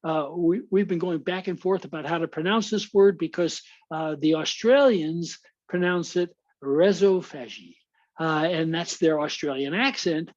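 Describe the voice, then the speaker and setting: A man's voice: on the high side, normal speed, dull audio. An American man giving a webinar lecture as a guest speaker, explaining slides with frequent uhs and restarts.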